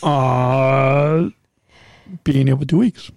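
A man's voice: medium pitch, steady tone, very slow, vocal fry, a little mellow, dry recording. A man co-hosting a podcast in casual chat, playful and teasing, often cutting in. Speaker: podcast co-host. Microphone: studio mic.

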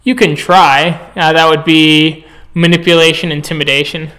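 A man's voice: a little high, steady tone, moderate pace, bright, forceful tone. A man narrating as game master in a tabletop game, brief and matter-of-fact.

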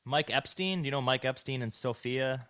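A man's voice: mid-range voice, a little fast, a bit bright. A man hosting a casual chat, reacting and asking follow-up questions. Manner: reactive, laughs along, asks follow-ups. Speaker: podcast host.

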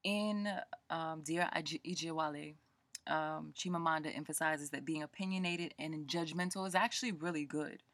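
A woman speaking tells a story in a casual, animated rant, and she acts out the people in it. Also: low-pitched, moderate pace, dry recording. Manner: animated, colloquial, quoting people in voices. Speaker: book vlogger.

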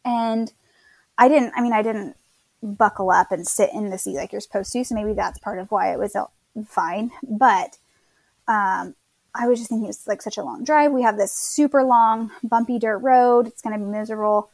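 A woman's voice: medium pitch, steady tone, moderate pace, darkish tone, no echo. Chatty young woman, dry close sound. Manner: chatty, quotes others, laughs at herself. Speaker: guest telling her birth story. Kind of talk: casual storytelling.

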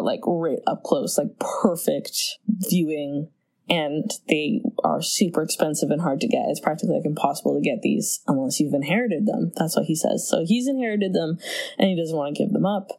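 A woman's voice: low voice, vocal fry, low-quality recording. Chatty woman recapping a movie. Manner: animated retelling of scenes with quick put-on character voices. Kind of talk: casual movie chat.

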